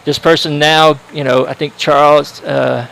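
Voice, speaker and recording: A man's voice: fairly high pitch, level tone, measured pace, gravelly, a bit bright, slight background noise, rough recording. A male sports livestream commentator making casual chat, telling a rambling story full of fillers and restarts.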